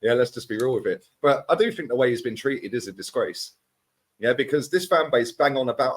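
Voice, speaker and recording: A man's voice: mid-range voice, a little fast. Brief: man, fan pundit, fired-up rant, mid voice. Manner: animated, mocks other fans in put-on voices.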